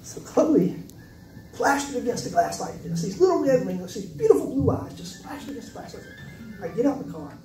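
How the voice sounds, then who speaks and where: Speaking a little fast, this South Carolina writer has an extremely high, warm voice with big swings in pitch. He tells personal stories about his writing in a casual, conversational way, full of joking asides. Soft music plays in the background of the noisy, roomy recording, captured indoors at an event venue with a distant mic.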